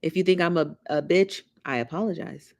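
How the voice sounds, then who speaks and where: A woman runs a casual livestream, reading comments aloud and gossiping with plenty of sass. Her voice sits on the low side, and she sprinkles in "honey" and "child" with the odd hushed aside. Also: brisk. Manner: sassy and gossipy, calls viewers honey and child. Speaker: livestream host.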